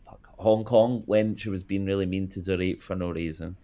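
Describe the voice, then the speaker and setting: A very deep-voiced man chatting casually as a podcast co-host. He talks in a gossipy, animated way, leaning hard on the juicy bits. His voice stays low and rumbling throughout. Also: moderate pace. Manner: chatty and gossipy, lively swings of emphasis. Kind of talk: casual chat.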